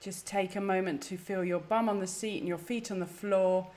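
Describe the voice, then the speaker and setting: Woman, live-stream host, chatty, flustered, self-deprecating, mid pitch. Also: steady tone, moderate pace, a little mellow. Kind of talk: casual live-stream chat.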